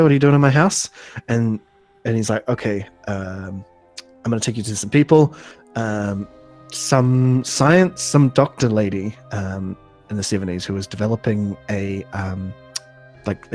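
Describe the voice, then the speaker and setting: A man recapping an episode on a casual podcast, halting, full of ums and restarts, laughing often. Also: on the low side, a little mellow. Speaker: podcast host.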